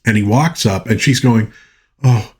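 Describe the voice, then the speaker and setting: A man reviewing an old film, retelling its plot in a chatty, animated way with frequent restarts. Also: lowish voice, normal speed, husky. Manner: chatty, animated, lots of you-knows and restarts. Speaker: movie reviewer.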